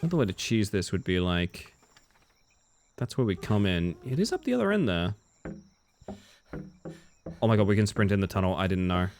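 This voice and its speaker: A male game streamer talks casually through a live play session. His voice sits on the low side but swings widely in pitch as he reacts. He answers chat and comments on the game as he goes. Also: very animated, moderate pace, long pauses, a little mellow.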